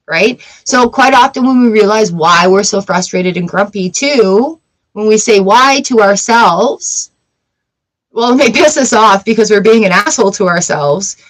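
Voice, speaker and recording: A woman's voice: medium pitch, expressive, moderate pace, a bit bright, low-quality recording. A woman hosting a livestream, talking candidly and encouragingly in a casual advice chat. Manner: candid, encouraging, self-talk asides. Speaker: tarot livestream host.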